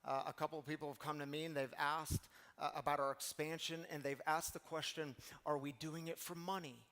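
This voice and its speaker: A man's voice: fairly high pitch, little pitch movement, brisk, fairly bright tone, long reverb tail. A man voicing a facilities manager who casually raises a concern. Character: facilities manager, adult man, matter-of-fact.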